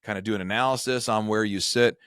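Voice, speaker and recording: A middle-aged man with a fairly low voice tells a rambling, self-deprecating story in easy conversation. He hosts a retirement advice show. The sound is dry and close. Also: fairly even intonation, quick pace, a bit bright, smooth, no room sound. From Michigan. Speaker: retirement advisor and show host. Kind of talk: casual storytelling chat.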